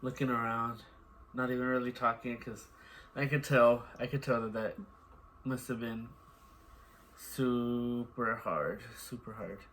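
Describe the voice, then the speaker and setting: A man talks casually about being a new father, rambling and repeating filler words. His voice is mid-pitched and ordinary. He is recorded indoors at home. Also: little pitch movement, normal speed, fairly bright tone, slight background noise. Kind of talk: casual chat.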